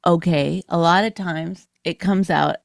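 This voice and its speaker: A woman's voice: fairly low pitch, fairly even intonation, a little slow, vocal fry, no room sound, studio quality. A middle-aged woman from Canada co-hosting a podcast, bantering and arguing playfully with her husband and often mimicking him. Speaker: podcast co-host. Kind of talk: casual banter with spouse.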